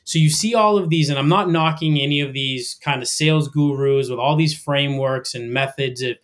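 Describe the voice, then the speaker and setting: A middle-aged man talking as a podcast guest, energetic and emphatic, with a motivational push in his talk. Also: mid-range voice, moderate pace. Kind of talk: casual podcast conversation.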